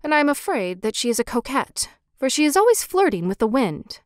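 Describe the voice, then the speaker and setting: A woman's voice: high-pitched, big pitch swings, fairly quick, no echo, clean studio sound. A woman voicing a vain, fussy little male swallow who chatters and gets straight to the point.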